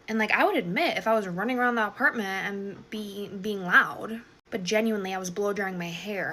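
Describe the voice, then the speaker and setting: A woman's voice: medium pitch, a little fast, bright, forceful tone, a little hiss or hum. A young woman telling a storytime in a sassy, casual way, swearing freely and acting out her own reactions.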